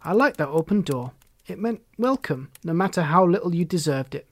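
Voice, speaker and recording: A man reading the part of a wistful, remorseful grown man, speaking in a measured, reflective way. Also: fairly high pitch, animated.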